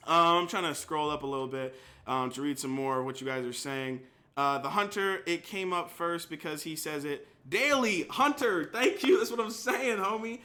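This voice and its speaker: A man's voice: a little high, moderate pace. A young man streaming casually, reacting to and reading out his chat. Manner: animated, reads chat aloud. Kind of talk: casual live-stream commentary.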